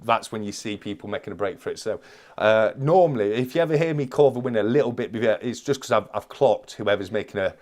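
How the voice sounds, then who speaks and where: A man hosting a live stream, excitedly calling an online race and chatting with his guest. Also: fairly low pitch, fast talker. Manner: excitable, shouting commentary.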